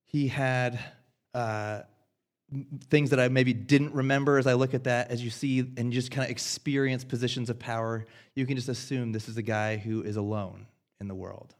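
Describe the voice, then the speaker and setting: An American man in his thirties preaching a sermon, earnest and self-deprecating, swinging between loud and hushed. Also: medium pitch, fairly even intonation, moderate pace. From United States. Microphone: headset.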